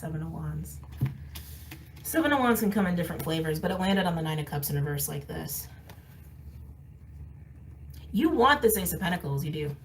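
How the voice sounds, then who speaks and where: A woman's voice: deep voice, lively intonation, moderate pace, pauses often, distant mic, a little hiss or hum, rough recording. A woman giving a casual tarot card reading, candid and emphatic, often laughing and repeating phrases for emphasis. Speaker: tarot reader. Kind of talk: casual intuitive reading to camera.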